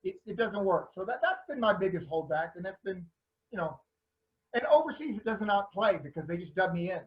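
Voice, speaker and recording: A man's voice: sits high, lively intonation, fairly quick, lo-fi sound. A man with a Southern accent, speaking animatedly as a panelist on a video call. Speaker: panelist, martial arts actor. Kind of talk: casual panel talk.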